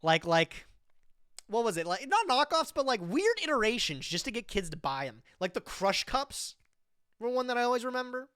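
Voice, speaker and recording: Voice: mid-range voice, moderate pace, no echo, clean studio sound. A streamer in their twenties chatting casually and animatedly on a live stream, with lots of slang, reading text aloud and reacting to it. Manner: animated, slangy, says "bro" often; reads web text aloud with comments.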